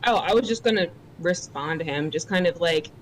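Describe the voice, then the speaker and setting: A woman's voice: on the low side, a little fast, a little hiss or hum, poor audio. A woman playing a tabletop game who asks eager questions with hesitant fillers. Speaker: player. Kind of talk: casual game chat.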